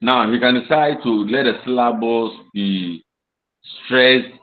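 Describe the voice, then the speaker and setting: A man lecturing a class on poetry, speaking deliberately and often repeating phrases to drive a point home. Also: medium pitch. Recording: roomy, dull lo-fi sound.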